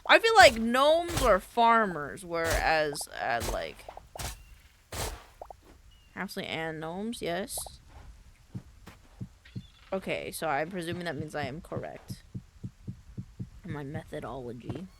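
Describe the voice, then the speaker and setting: Young female streamer, lively swooping voice, playful rambling gaming chat, faint background noise. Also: sits low, slow, long pauses. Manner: rambling, thinking aloud, playful.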